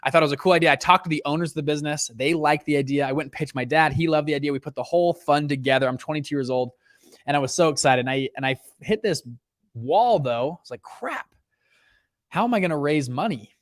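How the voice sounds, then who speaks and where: A young adult man, a podcast guest, telling stories in a casual chat and acting out quoted lines with big jumps in pitch. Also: fast talker, no room sound, studio quality. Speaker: podcast guest, fund founder.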